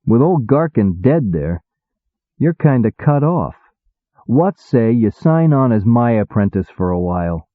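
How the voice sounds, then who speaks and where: A man's voice: medium pitch, big pitch swings, unhurried, dry recording. A man voicing an impatient, wisecracking male demon who talks bluntly in slang, on a tinny recording. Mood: upbeat. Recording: tinny phone-like dry sound.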